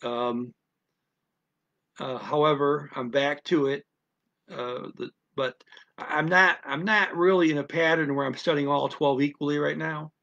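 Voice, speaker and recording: A man's voice: fairly high pitch, fairly even intonation, unhurried, gravelly, fairly bright tone, lo-fi sound. A man giving a casual spoken lesson on learning a language, rambling with many restarts.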